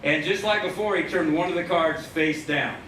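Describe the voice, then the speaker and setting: A stage magician spins a wry, pun-filled story for a live audience. His voice sits high for a man and carries a playful, knowing edge. It is heard from a distance across an echoing theater, with a crowded house murmuring behind him. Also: moderate pace, fairly bright tone, a little hiss or hum. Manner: punning, wry storyteller who plays to the audience. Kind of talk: comic storytelling patter during a magic act.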